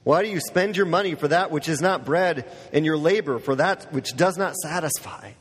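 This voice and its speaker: A man's voice: a little high, moderate pace, husky. A man preaching a sermon to his church in a casual, conversational way, full of fillers and asides. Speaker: pastor. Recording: long church hall reverb.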